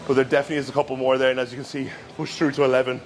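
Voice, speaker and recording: Male bodybuilder, casual vlog coaching, mid-range voice, relaxed and instructive, faint gym hum behind. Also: mid-range voice, very fast. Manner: relaxed, instructive, talks through gym cues with fillers. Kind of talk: casual training vlog commentary.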